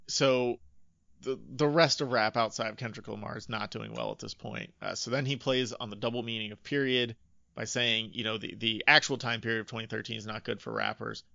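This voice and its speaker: A man's voice: on the low side, vocal fry, pushed and bright, no room sound, dull audio. A man co-hosting a podcast, chatting casually and animatedly as he breaks down rap lyrics, swearing freely. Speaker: podcast co-host.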